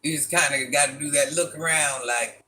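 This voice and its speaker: A man hosts a casual livestream, talking straight to his chat. His voice is bright and forceful and sits a little high. He is animated and exasperated, firing off rhetorical questions and laughing often. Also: normal speed. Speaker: livestream host reading chat.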